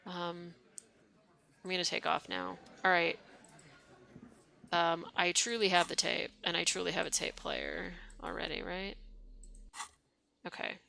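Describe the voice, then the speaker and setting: Young woman, streamer, casual asides, gravelly edge, bright tone. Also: fairly low pitch, steady tone, measured pace, long pauses. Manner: reads game text aloud, swears and laughs, chatty asides. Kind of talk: casual live game stream with reading aloud.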